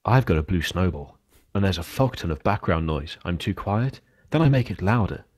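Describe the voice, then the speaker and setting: A man putting on a smooth late-night radio DJ voice over a headset mic. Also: low voice, expressive, normal speed, a little mellow. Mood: mock-smooth.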